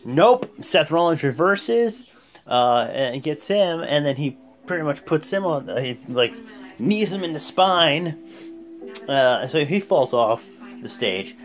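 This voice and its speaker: Animated man rambling through a recap. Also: medium pitch. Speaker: host. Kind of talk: casual wrestling recap vlog.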